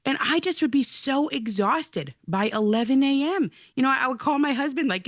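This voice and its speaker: A woman's voice: high-pitched, normal speed, no room sound. Dry-sounding earnest woman storyteller. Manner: lively, earnest storytelling with acted-out quotes. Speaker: guest, mother and outdoor-play advocate. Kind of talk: telling a personal story in an interview.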